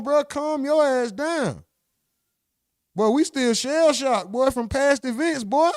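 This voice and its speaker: Streamer, male, high clear voice, rowdy live reactions. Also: unhurried, no echo, studio quality. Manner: loud, excitable, profane.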